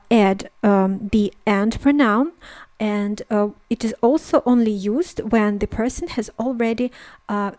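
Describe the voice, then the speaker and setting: A woman whose first language is Russian teaches a language lesson in English, explaining slowly with many fillers and repeating each phrase. Her voice is medium-pitched and has no echo.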